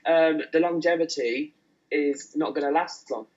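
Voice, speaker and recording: A man co-hosting a casual wrestling podcast, excitable and stumbling over his words. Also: a little high, unhurried, highs cut off. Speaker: podcast co-host.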